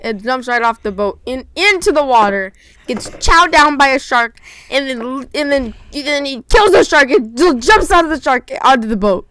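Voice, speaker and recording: A woman's voice: high-pitched, animated, normal speed, a bit bright, clean tone, dry recording. A young woman narrating an improvised role-play, playful and stumbling over repeated words.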